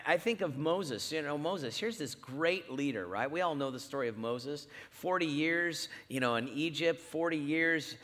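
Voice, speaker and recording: Animated middle-aged male preacher. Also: medium pitch, long reverb tail. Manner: animated storytelling, wide swings in loudness. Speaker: pastor. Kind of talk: sermon. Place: church.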